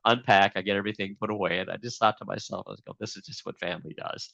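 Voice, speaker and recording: Low-voiced man telling a travel story. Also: steady tone, racing, vocal fry, pushed and bright, dry recording, muffled recording. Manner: rambling, with many restarts and fillers. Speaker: interview guest. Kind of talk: casual storytelling.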